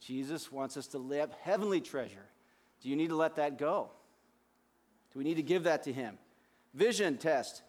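A man's voice: fairly high pitch, lively intonation, normal speed, long pauses, darkish tone. A man preaching a sermon as pastor, speaking conversationally with frequent restarts.

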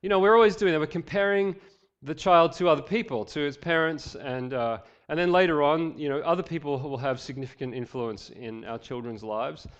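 A man's voice: a little high, fairly quick, few pauses, clear, resonant tone, lo-fi sound. A male pastor preaching a sermon, reading scripture with voiced quotes and joking asides.

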